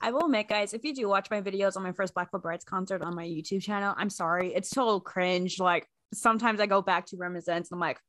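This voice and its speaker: A young woman co-hosting a fan podcast, telling animated stories in casual chat and laughing often. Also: mid-range voice, fast, hardly any pauses, no room sound. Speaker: podcast co-host.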